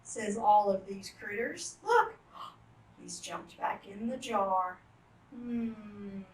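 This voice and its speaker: A woman reading picture books aloud to children, animated and full of gasps and exclamations. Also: medium pitch, takes it slowly, reverberant, distant mic, poor audio. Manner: animated, gasping, exclaiming to young listeners. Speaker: children's storytime reader.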